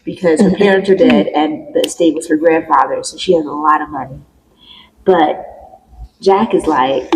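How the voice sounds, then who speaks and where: A woman co-hosting a podcast, chatting casually as she retells a play's plot and acts out the quotes in a higher voice. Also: moderate pace, darkish tone, slight background noise, poor audio. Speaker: podcast co-host. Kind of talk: casual chat recapping a play.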